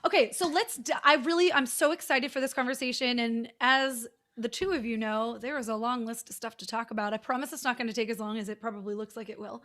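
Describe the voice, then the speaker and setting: High-voiced woman podcast host. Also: steady tone, fast, few pauses, a bit bright. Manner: explanatory, teacherly, talks in long flowing sentences. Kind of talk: casual conversational interview.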